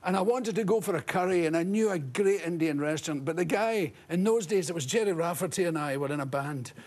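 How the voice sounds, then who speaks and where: A man's voice: a little high, brisk. Scottish man spinning comic anecdotes. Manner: animated, laughing anecdotes with put-on voices. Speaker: comedian guest. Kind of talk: storytelling talk-show interview.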